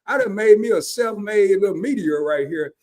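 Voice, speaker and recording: A man hosting a comedic casual chat, telling animated stories and laughing often. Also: sits high, moderate pace. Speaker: host.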